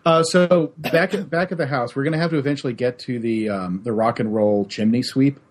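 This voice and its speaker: A man's voice: mid-range voice, steady tone, brisk. A man co-hosting a casual podcast, retelling scenes in a dry, wry way. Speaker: podcast co-host. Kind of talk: casual chat.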